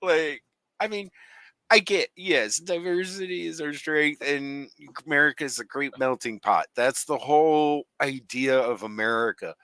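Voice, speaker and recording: A man hosting a casual reaction chat, animated as he lays out his arguments. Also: mid-range voice, normal speed, few pauses, smooth. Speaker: host.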